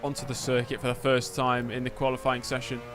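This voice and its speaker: Man, live gameplay commentary, joking, chatty, answers chat messages, mid-pitched voice, faint music behind. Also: completely flat delivery, fairly quick. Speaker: streamer playing a racing game.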